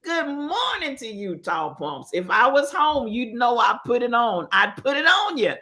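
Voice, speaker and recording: A woman's voice: a little high, very animated, normal speed, pushed and bright. A woman hosting a live stream, commenting on current events with emphatic repetition and calling out viewers by name.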